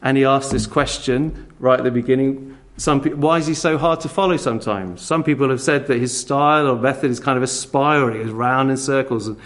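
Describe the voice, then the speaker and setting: A man preaching a sermon in a church, animated, acting out quick dialogues and chuckling at his own jokes. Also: medium pitch.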